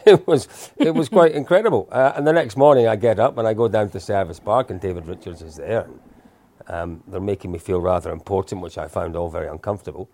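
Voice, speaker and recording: A man in his fifties, appearing as an interview guest, tells casual stories with a deep, warm voice and a fast delivery. His manner is chatty and self-deprecating, and he restarts his sentences often.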